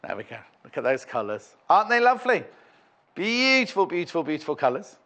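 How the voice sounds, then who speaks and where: A man's voice: fairly high pitch, big pitch swings, brisk, pushed and bright. A man presenting fabric on a live shopping channel, chatting in a rambling, playful way between prices. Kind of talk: live TV sales chat. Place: TV studio.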